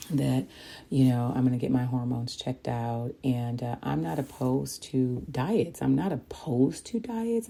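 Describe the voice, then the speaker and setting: A middle-aged woman hosting a podcast, telling her own story in a candid, animated way and repeating phrases for emphasis. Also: extremely low pitch, vocal fry. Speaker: podcast host. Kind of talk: personal storytelling monologue.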